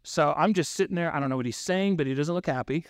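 Here a pastor talks quickly in a fairly high voice, recorded at studio quality with no room sound. His sermon unfolds like a casual story, peppered with "right?" check-ins and acted-out lines of dialogue.

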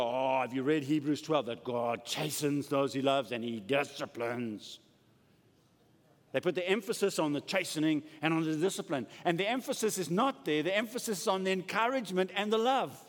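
A man preaching a sermon in a church, acting out quoted voices and dropping to soft asides. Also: fairly high pitch, lively intonation, moderate pace. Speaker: pastor. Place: church sanctuary. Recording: long hall reverb.

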